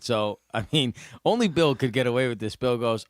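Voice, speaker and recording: A man with a New Jersey accent co-hosting a casual podcast, telling animated stories, acting out quotes and laughing often. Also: medium pitch, fairly quick, few pauses, no echo, studio quality. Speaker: podcast co-host. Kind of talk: casual chat.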